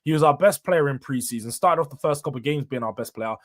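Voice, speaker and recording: A man's voice: fairly high pitch, fast talker. A young man, hosting a casual solo football review; blunt and opinionated, full of slang, firing off questions and answering them himself. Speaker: football channel host.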